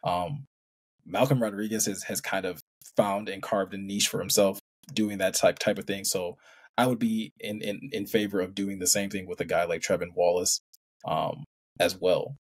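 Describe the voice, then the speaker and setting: A man co-hosting a casual sports chat, measured and hedging his points. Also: low-pitched, level tone, husky. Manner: measured, hedging with "again" and "I mean". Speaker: co-host.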